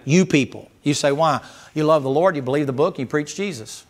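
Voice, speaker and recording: A man's voice: fairly high pitch, a little fast. A man preaching a sermon as pastor, folksy and emphatic, firing rhetorical questions at the congregation.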